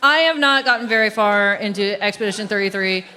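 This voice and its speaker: A woman giving her opinion as a juror at a comedy panel, measured and deliberate. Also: medium pitch, sharp tone, some chatter behind. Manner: measured, deliberate, laughs easily. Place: convention panel room before a live audience.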